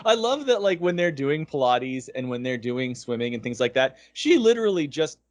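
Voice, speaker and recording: A man's voice: mid-range voice, very animated, moderate pace. A man co-hosting a podcast, chiming in with reactions during a casual anime discussion. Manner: chimes in with reactions and laughs. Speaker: podcast co-host.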